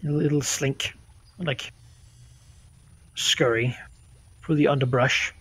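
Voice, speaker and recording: A man's voice: medium pitch, steady tone, slow, fairly bright tone, husky, low-quality recording. A man running a tabletop game as game master, narrating casually with many fillers.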